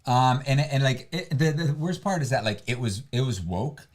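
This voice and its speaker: A man's voice: medium pitch, animated, moderate pace, darkish tone. A man co-hosting a livestream, talking casually and rambling with many restarts and fillers. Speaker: livestream co-host. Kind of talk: casual chat.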